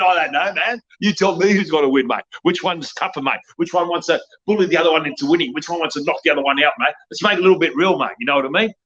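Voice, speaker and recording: A man's voice: a little high, fairly bright tone, dull audio. A man, a wrestling promoter talking bluntly and profanely in a rambling podcast chat, ending his lines with "mate".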